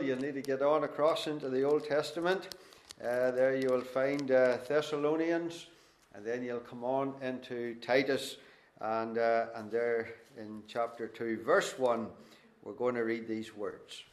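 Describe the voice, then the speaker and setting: A middle-aged Northern Irish man speaking as a guest preacher, with a voice that sits at an ordinary middle pitch. He talks in a homely, folksy manner with gentle self-deprecating humour. He eases into the sermon and the scripture reading at a relaxed, conversational pace. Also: measured pace, echoey room. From Northern Ireland. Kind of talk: sermon introduction and Bible reading.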